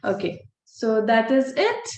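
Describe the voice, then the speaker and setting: A woman teaching a recorded online phonics lesson, sounding out words slowly and breaking off with apologetic asides. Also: fairly high pitch, very animated, a little mellow, roomy sound, highs cut off. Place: holiday home by the sea, waves audible.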